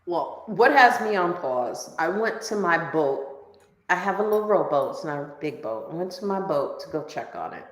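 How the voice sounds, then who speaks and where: A woman's voice: fairly low pitch, normal speed, roomy sound. A woman co-hosting a podcast in casual chat, telling stories and acting out both sides of the dialogue. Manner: animated storyteller acting out dialogue. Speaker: podcast co-host.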